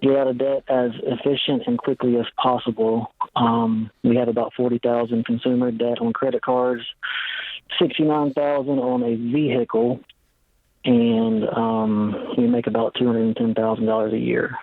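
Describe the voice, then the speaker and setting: A man's voice: medium pitch, little pitch movement, normal speed, no room sound. A man calling in to an advice show, speaking hesitantly with many ums. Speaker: caller. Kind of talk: phone-in question. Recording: tinny phone line.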